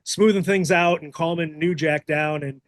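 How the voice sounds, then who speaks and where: A middle-aged man hosting a podcast, telling a backstage story in a casual, animated way, swearing freely and acting out the quotes. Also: on the high side, moderate pace, no echo. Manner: animated, profane, acts out quotes. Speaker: podcast host.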